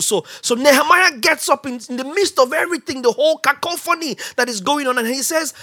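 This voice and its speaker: A woman preaching a sermon, emphatic, asking the congregation questions and rising to shouts. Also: high-pitched, fairly quick, few pauses.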